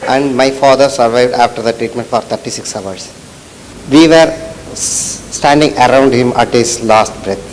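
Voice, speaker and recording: Emotional man asking a question, halting. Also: medium pitch. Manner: halting, apologetic, many restarts. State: emotional, close to tears. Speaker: audience member asking a question. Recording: long hall reverb with faint noise.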